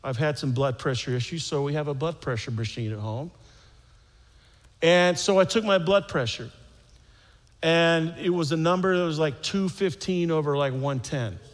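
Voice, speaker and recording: A fairly high-pitched American man tells a story on stage in a rambling, self-mocking way, repeating his phrases and mimicking the sounds. His voice carries a long reverb from the venue. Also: moderate pace. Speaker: stand-up comedian. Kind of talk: stand-up storytelling.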